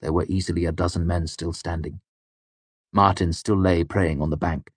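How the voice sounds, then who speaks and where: A man narrating a first-person fantasy story in a measured, grave storytelling manner. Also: low-pitched, steady tone, slightly rough, no room sound. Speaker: audiobook narrator.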